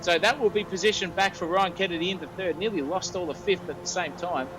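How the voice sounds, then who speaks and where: Talking fast in a high voice, an Australian man commentates on a sim race, shouting over the action with breathless, colloquial excitement as the fight intensifies. There's background noise in the clip.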